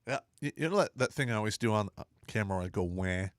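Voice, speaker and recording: A middle-aged man on a casual talk show, blunt and profane, telling animated stories about his days in the army. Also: on the low side, very fast, no echo, studio quality. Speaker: podcast co-host.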